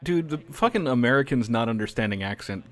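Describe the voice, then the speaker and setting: A man's voice: medium pitch, animated, fast talker. A man chatting with friends over a co-op game, blunt and ranty, swearing freely. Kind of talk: casual chat over a co-op game.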